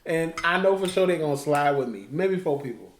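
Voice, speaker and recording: A high-voiced man chats casually and acts out every story with animated, quoted voices. His pitch swings widely as he goes. The room is echoey, with a faint hiss behind him. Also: a little fast. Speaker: co-host. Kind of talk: casual chat.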